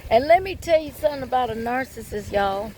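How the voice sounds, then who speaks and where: A woman with a fairly high voice tells her own story in a blunt, candid way. She swears freely and keeps talking straight to her viewers as she gives advice. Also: expressive, brisk, mellow, slight background noise. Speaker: vlogger giving relationship advice.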